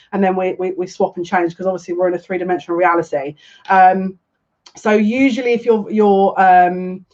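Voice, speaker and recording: Woman tarot streamer, casual and theatrical, somewhat muffled sound. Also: medium pitch. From half Turkish. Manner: chatty, dramatic and self-mocking. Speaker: psychic tarot reader. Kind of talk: casual live-stream reading.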